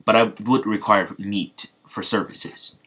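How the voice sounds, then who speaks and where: A man's voice: on the low side, unhurried, pushed and bright. A man voicing a carefree, food-obsessed young male pirate captain in a plain retelling voice. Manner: plain retelling voice, barely acted.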